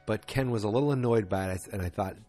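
A man's voice: fairly low pitch, quick pace, warm tone, soft background music. A man recapping a TV episode in casual chat, rambling with lots of fillers and voicing the characters, close on a dry mic. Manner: rambling, with many fillers and quoted voices. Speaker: show recapper.

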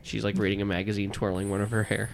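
A man's voice: lowish voice, level tone, quick pace, gravelly, background noise. A man narrating a tabletop game as game master in a rambling, filler-heavy way.

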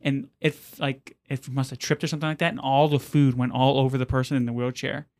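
Man, podcast co-host, casual rambling storytelling, quick talker. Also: mid-range voice, flat delivery, darkish tone. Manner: rambling storyteller, many fillers. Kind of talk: casual chat.

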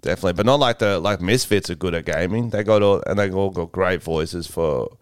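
A man's voice: low voice, a little fast, clean tone, dry recording, studio quality. A young Australian man co-hosting a podcast, telling stories in a laid-back way, swearing freely and laughing often. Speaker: podcast co-host. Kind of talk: casual chat.

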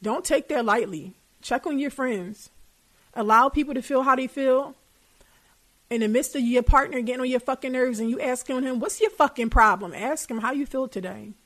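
A woman's voice: high voice, moderate pace, a bit bright. A young woman hosting a podcast, giving casual, candid advice with plenty of swearing and colloquial speech. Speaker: podcast host.

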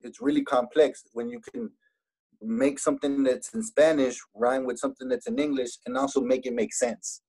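A young man from Laredo talks in a relaxed, husky voice with a Texas border Mexican-American accent. He speaks as a rapper being interviewed, sliding between English and Spanish. His pitch sits in an ordinary middle range. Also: moderate pace, low-quality recording. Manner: laid-back, switches between English and Spanish. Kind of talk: casual interview chat.

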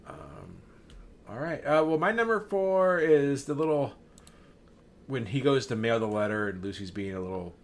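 A man running a relaxed podcast conversation with friends. He talks in a loose, easygoing way and laughs often as he moves the talk along. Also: mid-range voice, normal speed. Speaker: podcast host. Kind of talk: casual chat.

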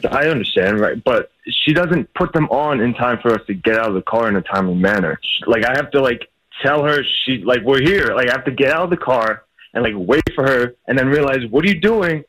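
A male radio caller at an average pitch, exasperated as he rambles through his complaint. He fills his speech with "like" as he talks. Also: expressive, brisk, hardly any pauses, a bit bright, rough recording. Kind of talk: phone-in complaint.

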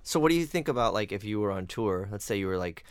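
A middle-aged man co-hosting a podcast, telling stories in animated casual chat with many fillers. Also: lowish voice, fast talker, clean tone, no echo. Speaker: podcast co-host.

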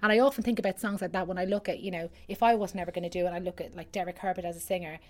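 A woman's voice: on the low side, steady tone, racing. A middle-aged Irish woman, a singer guest, telling rambling stories in casual chat with lots of restarts. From Ireland. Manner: chatty, rambling storyteller with many restarts.

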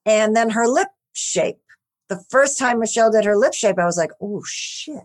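A woman, a film makeup artist, telling stories in an interview, growing animated when excited. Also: a little high, normal speed. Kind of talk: interview, casual storytelling.

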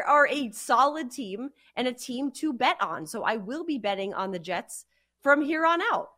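A woman co-hosting a sports podcast, chatty and animated, laughing easily in casual talk about football and betting. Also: fairly high pitch, moderate pace.

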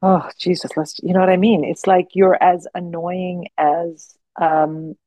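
Woman, forties, comedian, low-pitched voice, dry close sound, animated storytelling. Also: a little slow, dry recording, rough recording. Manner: animated, expressive anecdotes with frequent restarts. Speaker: guest comedian. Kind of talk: casual podcast chat, storytelling.

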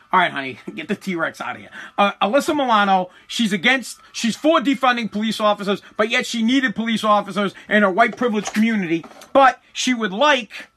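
Man, podcast host, heated rant, profane, stumbles and restarts, bright voice. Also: sits high. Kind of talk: ranting political commentary.

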